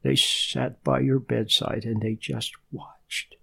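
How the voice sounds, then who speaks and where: A man giving a gentle spoken sermon as a spiritual teacher, soft and unhurried, at times dropping almost to a whisper. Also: medium pitch, fairly even intonation, creaky, slightly rough.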